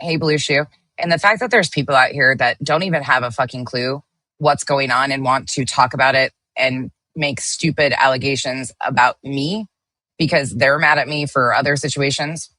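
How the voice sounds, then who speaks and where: A woman's voice: deep voice, sharp tone, dry recording. A woman hosting a casual livestream, greeting viewers by name as she reads the chat and speaking bluntly, with the occasional swear. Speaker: livestream host.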